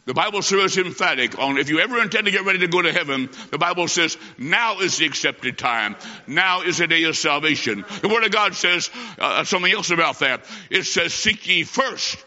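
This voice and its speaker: Folksy male preacher, bright and forceful tone, dull roomy hall recording. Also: on the high side, lively intonation. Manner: folksy, emphatic, speeds up and slows for stress. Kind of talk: evangelistic sermon with storytelling.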